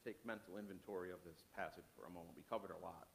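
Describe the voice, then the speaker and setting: A man's voice: low-pitched, fairly even intonation, fast, vocal fry, slight background noise. Man preaching in a conversational way. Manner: conversational, repeats phrases for emphasis. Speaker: pastor. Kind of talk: sermon with scripture reading. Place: church worship service.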